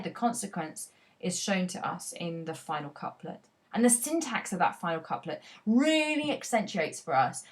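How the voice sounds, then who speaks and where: A woman with a lowish voice teaches a lesson on analyzing poetry. She speaks expressively and reads quoted lines aloud with dramatic emphasis.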